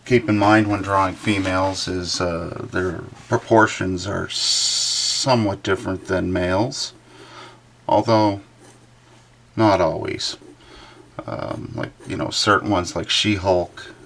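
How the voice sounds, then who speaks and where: A man's voice: low voice, steady tone, slow, vocal fry, fairly bright tone. A man livestreaming a drawing session, giving casual running commentary and thinking aloud with lots of fillers.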